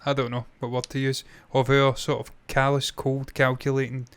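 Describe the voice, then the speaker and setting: A man's voice: mid-range voice, flat delivery, normal speed, fairly bright tone, smooth. A man co-hosting a casual TV reaction chat, blunt, opinionated and swearing freely. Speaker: co-host.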